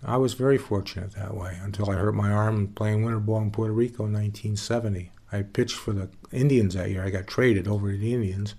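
A man being interviewed, telling stories from his years as a baseball pitcher in a relaxed, folksy way with some plain swearing. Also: brisk, few pauses. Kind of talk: casual storytelling interview.

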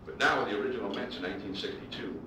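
A male baseball broadcaster telling lively anecdotes to an audience and acting out the quotes. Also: on the low side, rapid-fire, slight background noise. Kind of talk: storytelling speech to an audience. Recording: echoey hall, distant mic, audience laughter.

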